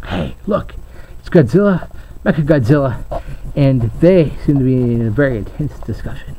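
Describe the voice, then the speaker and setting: A man's voice: medium pitch, animated, moderate pace, warm tone, a little hiss or hum. A man hosting a playful mock news report, speaking in a hammy, upbeat reporter voice. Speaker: host and reporter. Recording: slightly muffled home recording.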